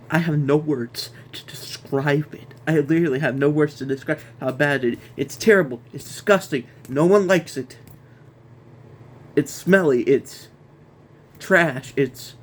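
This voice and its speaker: A man hosting a casual wrestling review, ranting in an exasperated way, repeating himself and stumbling over restarts. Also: a little high.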